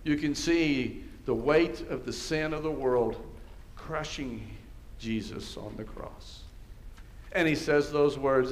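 A man preaching a sermon and leading prayer in a church, slow and prayerful, asking rhetorical questions and moving between hushed and loud. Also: mid-range voice, expressive. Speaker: pastor. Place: church sanctuary.

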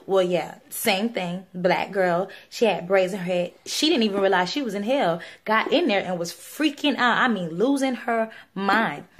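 A woman's voice: medium pitch, normal speed, hardly any pauses. Pleading young woman. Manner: pleading, earnest, many fillers. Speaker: vlogger sharing a religious testimony. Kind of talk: casual personal testimony.

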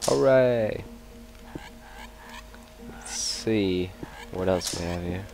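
A man whose first language is not English, hosting a gameplay video with excitable, swear-filled commentary. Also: low voice, very slow, creaky, background noise. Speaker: let's play host. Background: game music and gunfire.

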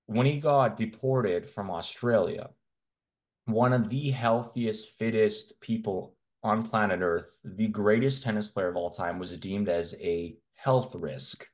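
Deep-voiced blunt man from Canada. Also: measured pace. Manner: blunt, opinionated, talks in long runs. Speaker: men's health coach, guest. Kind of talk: casual interview talk.

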